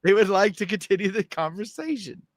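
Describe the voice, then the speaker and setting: A man's voice: high-pitched, animated, a little fast, no room sound, studio quality. A man co-hosting a casual podcast, laid-back and teasing, reasoning through a film debate. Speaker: podcast co-host.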